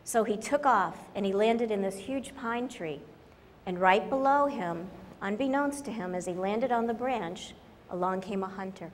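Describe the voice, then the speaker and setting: A woman's voice: mid-range voice, normal speed, long reverb tail, a little hiss or hum. A woman giving a humorous conference talk, wry and direct, telling stories to an audience. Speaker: conference speaker.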